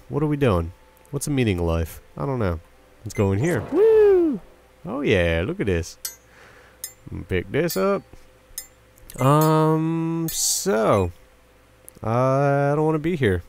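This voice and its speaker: Excitable young man narrating gameplay. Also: mid-range voice, slight background noise. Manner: excitable, talks to game characters, yelps and sound effects. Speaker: let's play commentator. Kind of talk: gameplay commentary.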